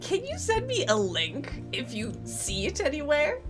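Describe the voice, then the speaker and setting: A young woman streaming a game live, chatting casually, excitable and often laughing. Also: sits high, measured pace, over music.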